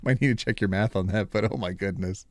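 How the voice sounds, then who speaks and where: A man's voice: on the low side, a little mellow, no echo. A man in his thirties hosting a live stream, playful and self-deprecating, fumbling over names and joking with chat. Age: 30s.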